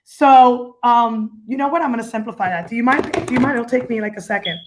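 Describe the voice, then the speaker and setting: An energetic, joking woman on a video call, explaining the dance teaching system she created in a lively, teacherly way. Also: fairly high pitch, a little fast, background noise. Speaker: guest, dance company founder.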